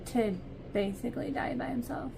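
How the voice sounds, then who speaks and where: A woman's voice: fairly high pitch, normal speed, vocal fry. Gushing, tearful young woman. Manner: gushing and emotional, many exclamations. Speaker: book vlogger. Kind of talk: casual reading reaction vlog.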